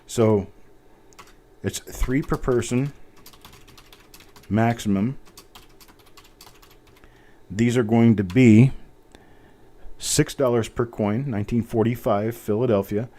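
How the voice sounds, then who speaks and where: A man's voice: medium pitch, slow, long pauses, dark tone. A man hosting a live coin auction stream, chatting casually, poking fun at himself and reading out bidders while he types. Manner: chatty, self-mocking, reads out bidders while typing.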